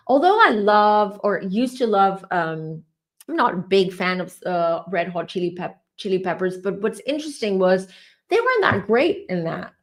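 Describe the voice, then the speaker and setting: A middle-aged woman hosts a live tarot reading. She talks in a loose, rambling way and is openly emotional. Her voice sits in an ordinary middle pitch. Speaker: tarot reader.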